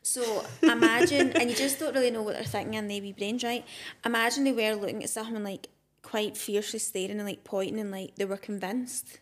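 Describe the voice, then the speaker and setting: A woman's voice: on the high side, brisk. A young woman co-hosting a podcast, chatty and conversational, often tagging sentences with "right?". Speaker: podcast co-host. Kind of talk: casual chat, reading listener stories.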